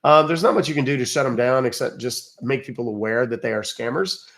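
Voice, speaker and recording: A man with a gravelly voice hosts a live stream in a loose, chatty way, cracking jokes and swearing offhandedly as he talks to his viewers. His voice sits at an ordinary pitch, with a rough fry running through it. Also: steady tone, brisk, fairly bright tone. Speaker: livestream host calling scammers. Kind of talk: casual livestream chat.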